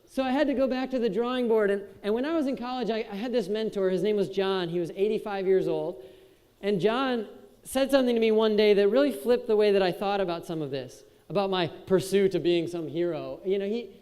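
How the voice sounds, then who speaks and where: Young man from Wisconsin, high voice, casual joking keynote speaker, hall reverb. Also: brisk, darkish tone. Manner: casual and joking, chats with the crowd. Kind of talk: motivational speech to a youth audience. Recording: echoey hall with long reverb.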